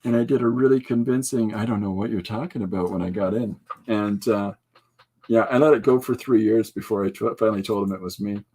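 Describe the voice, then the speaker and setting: Talking a little fast in a warm, lowish voice, a podcast host rambles casually, joking, laughing often and breaking into impressions.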